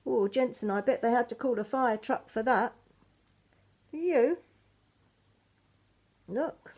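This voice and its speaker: An older woman reads a picture book aloud. She breaks off often for gentle, chatty asides to the children. Her voice is mellow and fairly high. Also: slow, breathy edge. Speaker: grandmother reading aloud.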